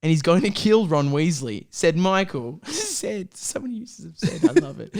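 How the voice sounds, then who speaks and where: A man's voice: high voice, measured pace. A man co-hosting a comedy podcast, reading fan fiction aloud and joking, laughing constantly. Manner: laughs constantly, jokey, animated.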